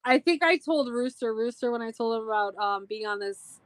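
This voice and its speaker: A woman's voice: on the high side, lively intonation, brisk. A woman from Minnesota chatting wryly as a podcast guest, laughing easily. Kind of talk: casual podcast chat.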